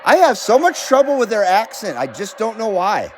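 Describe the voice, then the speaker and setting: A man's voice: high voice, very animated, moderate pace, a little hiss or hum. An American man hosting a CB radio livestream from his home radio room, chatting casually, reading viewer comments aloud and swearing now and then.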